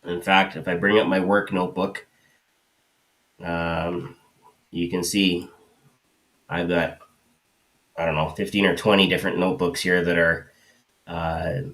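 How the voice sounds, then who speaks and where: A man's voice: deep voice, level tone, unhurried, long pauses, a bit bright. A man co-hosting a live show, explaining things in a rambling way with many fillers. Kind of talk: casual explanation.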